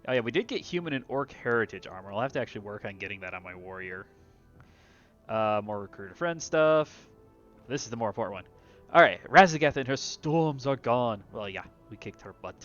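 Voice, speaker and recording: A man's voice: medium pitch, animated, fairly quick, fairly bright tone. A man streaming a video game, chatting casually and playfully, with asides to his cat at home. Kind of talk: casual gameplay commentary. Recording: dull lo-fi with faint music.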